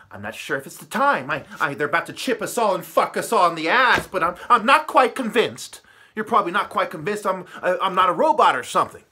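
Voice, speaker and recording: Husky-voiced man ranting preachily. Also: high voice. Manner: swings from muttering to shouting, profane and preachy. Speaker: vlogger. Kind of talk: ranting monologue.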